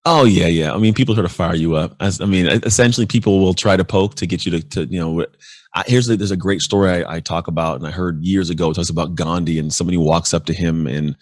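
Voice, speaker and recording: A man with a very low voice talks quickly and with energy as a podcast guest, acting out little exchanges as he tells his stories. The sound is dry and close, with no room in it. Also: no echo. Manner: energetic, acts out quoted exchanges. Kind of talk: casual interview talk.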